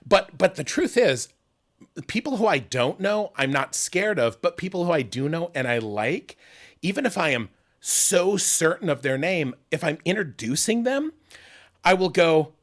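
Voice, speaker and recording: Middle-aged guy on a stream mic, rambly and self-mocking, kinda high voice, swears a lot. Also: big pitch swings, moderate pace. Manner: rambling, self-deprecating, swears freely, laughs often. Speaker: host. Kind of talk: casual interview chat. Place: home streaming setup. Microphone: studio mic.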